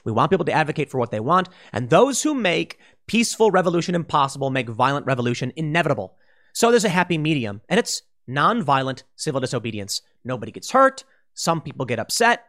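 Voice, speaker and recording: A man's voice: on the high side, fast. A man giving opinion commentary, talking emphatically and acting out quoted remarks in a raised voice. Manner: animated, emphatic, with restarts and quoted asides. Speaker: political commentator.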